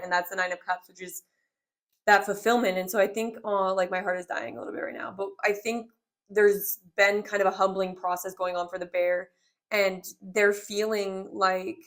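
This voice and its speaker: A woman's voice: mid-range voice, steady tone, moderate pace. A woman in her twenties doing a casual tarot reading, talking in a rambling, heartfelt way full of filler words. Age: 20s. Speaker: tarot reader.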